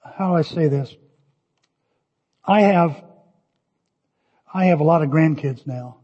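An older man preaching in a high, husky voice. He tells stories with lively energy, and his words ring with long reverb through a hall, captured on dull, lo-fi audio. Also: takes it slowly. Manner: animated storytelling, shouting cheers in quotes. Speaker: pastor. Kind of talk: sermon.

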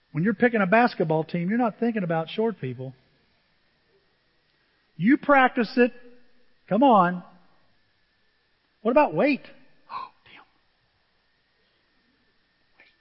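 High-voiced man preaching in a reverberant church. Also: a little slow, pauses often. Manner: humorous storytelling, animated asides to the congregation. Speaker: pastor. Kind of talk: sermon. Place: church sanctuary. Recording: dull reverberant church recording.

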